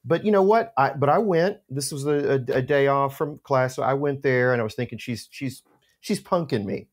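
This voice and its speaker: Man, middle-aged, casual anecdote, animated, restarts, mid-pitched voice. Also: fairly quick. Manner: animated storyteller, many restarts. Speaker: podcast co-host telling a story.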